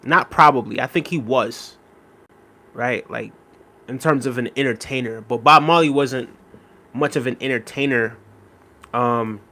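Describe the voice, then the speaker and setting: A man's voice: medium pitch, fairly bright tone. Rambling man chatting on a live stream. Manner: rambling and conversational, many fillers, reacting to chat. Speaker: livestream host. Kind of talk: casual live-stream chat reading viewer comments.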